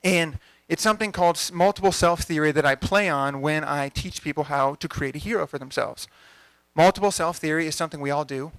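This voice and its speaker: Animated young man telling a coaching story. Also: fairly high pitch, a little fast, dry recording. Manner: energetic, conversational, acts out dialogue. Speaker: coach giving a talk. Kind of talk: storytelling talk to a live audience. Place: event venue.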